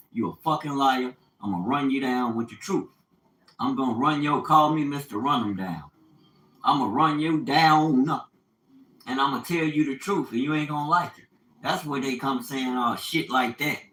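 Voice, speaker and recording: In a fiery, profane, preachy monologue, an older male vlogger speaks unscripted and quotes scripture. The voice is medium-pitched, bright, and forceful, and the recording is rough and reverberant.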